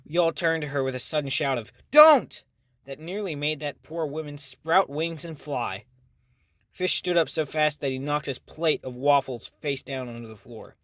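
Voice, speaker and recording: Male audiobook narrator, mid pitch, dead-dry booth sound. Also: steady tone, normal speed, a bit bright, no room sound. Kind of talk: first-person audiobook narration.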